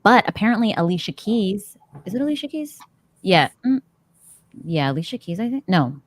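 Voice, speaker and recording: A woman's voice: medium pitch, animated, normal speed. A woman hosting a casual book club chat, talking chattily with frequent laughs and fillers.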